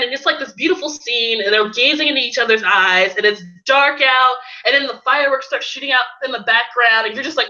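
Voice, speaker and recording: A woman's voice: fairly high pitch, moderate pace. A woman streamer ranting animatedly in casual chat, gushing as a fan. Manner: animated, gushing fangirl rants. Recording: dull lo-fi stream audio.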